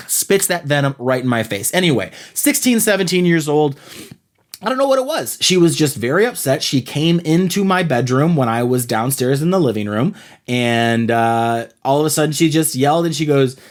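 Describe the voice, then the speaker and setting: A podcast host tells a rambling comic story about his own childhood, poking fun at himself. His voice sits a little high and is expressive, and he talks at a normal speed.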